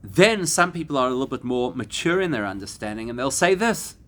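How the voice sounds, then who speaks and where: A man, a rabbi, giving a Torah class to a live audience, animated and climbing to emphatic peaks. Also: mid-range voice, brisk. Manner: animated, rising to emphatic peaks and acting out quoted voices.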